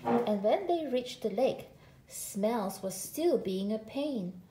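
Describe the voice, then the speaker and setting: A woman reads a children's picture book aloud, expressive and slow, her voice mellow with a lively rise and fall. The room around her sounds echoey. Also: on the high side. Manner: expressive, drawn out. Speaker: storyteller.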